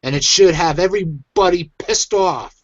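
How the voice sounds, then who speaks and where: A man's voice: high-pitched, normal speed, no room sound, muffled recording. A man hosting his own online show, venting in an agitated, emphatic rant. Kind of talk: angry ranting commentary.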